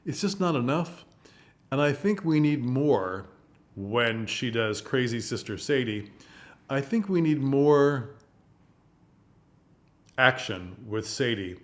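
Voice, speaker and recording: A man in a relaxed, unscripted review, talking through his thoughts on a play as they come to him. His delivery wanders and circles back, with lively little asides, at an ordinary middle pitch for a man. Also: slow, pauses often. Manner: rambling, thinks aloud, animated asides. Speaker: theater reviewer. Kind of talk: casual spoken review.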